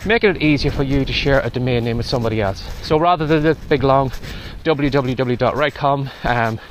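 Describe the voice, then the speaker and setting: Speaking a little fast at a medium pitch, a podcast host strolls outdoors through heavy wind and rain for his casual vlog. He's slightly winded, his manner chatty and full of advice.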